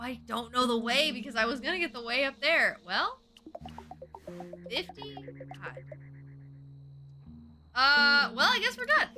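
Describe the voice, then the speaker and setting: Excitable high-voiced woman streamer. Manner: excitable, swearing, talks to herself. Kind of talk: casual gameplay commentary. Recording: game music playing behind.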